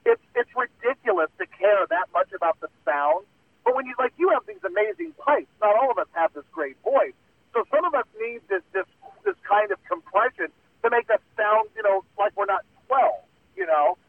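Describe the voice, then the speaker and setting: A man's voice: sits high, wildly swooping pitch, normal speed, gravelly, dry recording. Rambling man on a tinny phone line. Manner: rambling, self-mocking, many fillers. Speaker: radio host guest. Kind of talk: casual chat.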